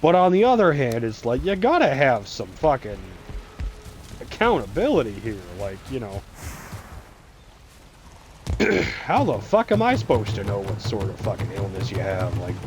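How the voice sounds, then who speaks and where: A man's voice: mid-range voice, sing-song, normal speed, pauses often, music in the background. A man casually telling a rambling, profanity-filled story while gaming, with laughs breaking in often. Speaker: game streamer.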